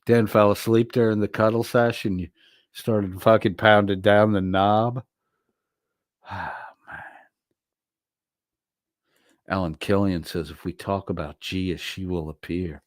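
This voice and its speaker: A man's voice: fairly low pitch, no room sound, studio quality. Crude, mocking male livestream host. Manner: crude, mocking and profane, prone to laughing. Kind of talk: reading viewer comments aloud on a livestream.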